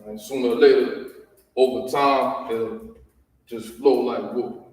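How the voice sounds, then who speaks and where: A man's voice: mid-range voice, steady tone, a little slow, darkish tone, far from the mic. Man teaching in an echoey hall. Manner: repetitive, checks in with "all right?" after each point. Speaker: language teacher. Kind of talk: classroom lesson.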